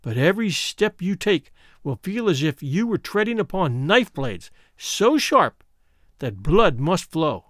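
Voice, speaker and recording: A man reading a storybook aloud and voicing a scheming old female sea witch in a slow, menacing delivery. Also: fairly high pitch, very animated, fairly bright tone, no room sound, studio quality.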